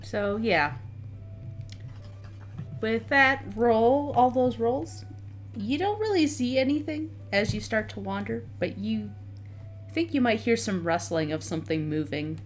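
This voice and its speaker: A woman's voice: a little high, expressive, a little slow. A woman narrating a tabletop game as dungeon master, describing scenes with occasional stumbles and repeated words.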